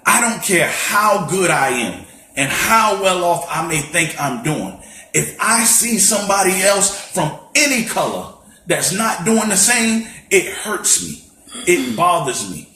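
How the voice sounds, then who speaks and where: A high-voiced man delivers an impassioned podcast monologue, driving his points home with repeated rhetorical questions. The room around him is echoey, and a faint hiss sits under the voice. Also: bright, forceful tone. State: fighting back tears. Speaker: podcast co-host. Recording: roomy echo.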